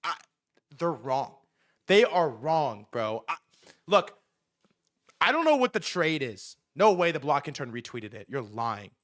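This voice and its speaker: A young man doing casual livestream commentary, excitable, swearing often, repeating himself and talking straight to his chat. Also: fairly high pitch, unhurried, pauses often. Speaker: streamer reacting to news.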